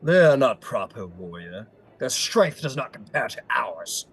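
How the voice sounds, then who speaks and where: A man voicing a haughty male frost giant lord who talks slowly and scornfully. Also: mid-range voice, big pitch swings.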